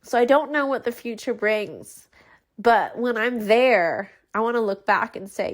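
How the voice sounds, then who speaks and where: Neurologist guest, woman, 40s: unhurried, heartfelt, earnest. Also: a little high, lively intonation. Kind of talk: interview conversation.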